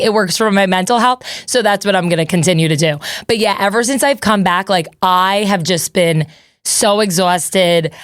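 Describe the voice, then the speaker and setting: A woman's voice: medium pitch, no room sound, clean studio sound. A woman in her thirties hosting a podcast, rambling and self-deprecating in casual chat. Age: 30s. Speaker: podcast host.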